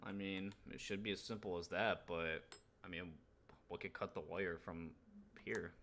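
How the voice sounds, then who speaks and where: A man voicing a flustered female communications operator in a tabletop game, talking in a hurried, rambling way. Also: low voice, fairly even intonation, fairly bright tone, slight background noise.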